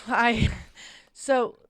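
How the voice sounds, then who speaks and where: A woman's voice: on the high side, noisy background. Chatty young woman who laughs often. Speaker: podcast co-host. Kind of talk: casual chat.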